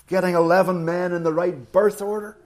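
A man's voice: sits high, fairly even intonation, fairly quick. A middle-aged man preaching a sermon, retelling a story dramatically and acting out the quotes.

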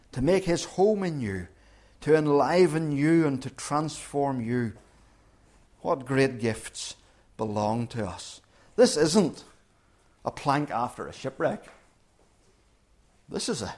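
A man preaching a sermon as pastor, slow and emphatic, repeating key phrases. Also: a little high, a little mellow. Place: church during communion service.

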